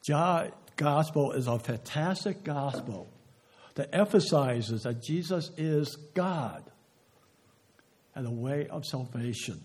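Slow, husky-voiced male preacher. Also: fairly high pitch, expressive. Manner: slow, emphatic delivery, drops to a hush on key words; asks the audience rhetorical questions. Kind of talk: sermon.

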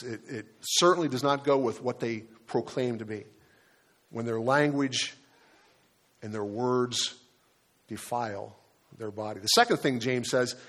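A man delivering a sermon at an easy, talking pace. He often pauses on fillers and restarts his sentences as he explains a passage. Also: medium pitch, fairly bright tone. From Delaware, United States. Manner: conversational preaching with fillers and repeated words. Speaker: pastor.

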